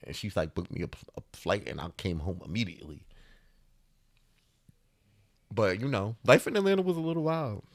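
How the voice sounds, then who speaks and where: A man in his thirties, a podcast co-host telling a story in casual chat, animated and laughing often as he acts out the voices. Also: on the low side, normal speed, creaky, pauses often.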